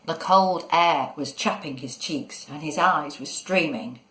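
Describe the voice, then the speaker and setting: A woman narrating a children's story in a measured, expressive way. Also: sits low. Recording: echoey room.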